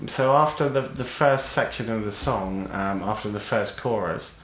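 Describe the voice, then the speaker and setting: A man's voice: lowish voice, normal speed, a bit bright, echoey room, slight background noise. A man co-hosting a podcast, a guitarist and singer chatting casually and enthusiastically, swearing now and then. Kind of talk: casual chat.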